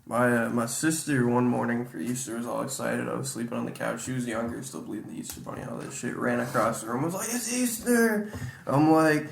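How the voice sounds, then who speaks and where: Upstate new york guy, chill and profane, gravelly voice, roomy echo. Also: medium pitch, little pitch movement, a little hiss or hum. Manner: laid-back, profane, drawn-out fillers. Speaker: podcast co-host. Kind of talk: casual chat, storytelling.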